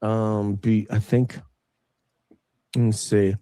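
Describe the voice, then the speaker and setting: A man's voice: lowish voice, flat delivery, slow pace, mellow, smooth, no echo. A man hosting a casual livestream chat, loosely thanking viewers and laughing often. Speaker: livestream host.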